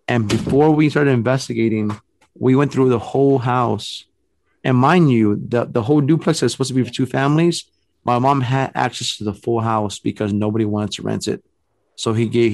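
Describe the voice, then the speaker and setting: A man telling a spooky story in a loose, rambling way, sprinkling in "man" and "bro" and stumbling over restarts. His voice has a gravelly, creaky texture. It is recorded close and dry, with no room sound. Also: medium pitch, darkish tone, no echo.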